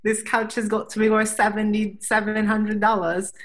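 A man's voice: sits high, completely flat delivery, normal speed, a bit bright, pitched above the performer's own voice. A podcaster mimicking a boastful Australian guy. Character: chatty Australian guy bragging about street furniture.

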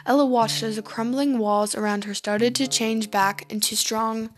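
A woman's voice: on the high side, fairly even intonation, normal speed. A woman reading a spooky fairy tale aloud in a dramatic storytelling manner.

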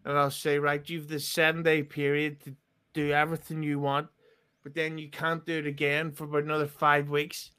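A man, a podcast guest trading deadpan, absurd jokes in casual chat. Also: a little high, normal speed, clean tone. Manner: joking, absurd deadpan quips.

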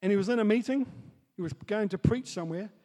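A man preaching a sermon as pastor, dropping to soft asides and building up to loud, excited storytelling. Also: high-pitched, quick pace. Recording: long hall reverb.

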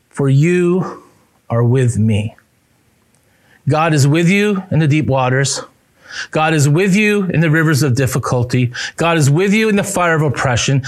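A male pastor preaching a sermon, emphatic, repeating key phrases and dropping low on punch lines.

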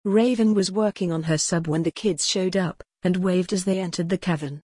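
Lady reading a kids story, low-ish warm voice, kinda breathy. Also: steady tone, moderate pace, no echo, studio quality. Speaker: audiobook narrator. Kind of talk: scripted storybook narration.

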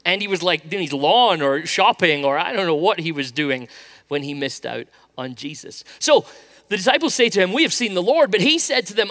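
Male preacher, middle-aged, high lively voice, bright tone, storytelling sermon. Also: moderate pace. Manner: storytelling, animated, acts out quotes. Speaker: pastor.

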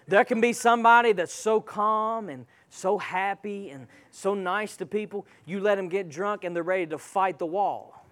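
A man's voice: sits high, moderate pace, fairly bright tone. A man preaching a sermon, emphatic and calling out to the congregation.

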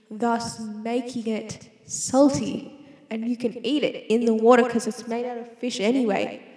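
A woman's slightly high, warm voice carries a rambling, playful self-talk monologue that keeps stopping and restarting. She's a student, and the space around her is echoey with long reverb.

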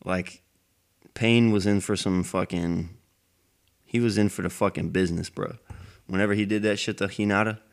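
A man's voice: fairly low pitch, steady tone, normal speed, long pauses. A man rambling in a casual monologue, cursing heavily as he goes. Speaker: anime fan vlogger.

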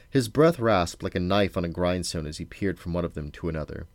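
A father reads a novel aloud to his sons, his voice deep and low. The sound is dry and close, and the storytelling is measured and unhurried. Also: lively intonation, darkish tone, no room sound. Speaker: parent reading to his children.

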